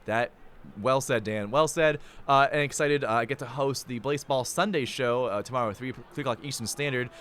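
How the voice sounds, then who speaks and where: A man hosting a live sports stream, signing off with excitable, hype-filled chatter and big swings in pitch. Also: fairly quick, slight background noise. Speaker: play-by-play host.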